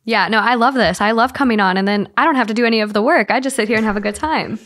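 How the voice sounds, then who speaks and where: A woman's voice: a little high, quick pace, a bit bright. Earnest emotional woman podcast guest. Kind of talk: casual interview.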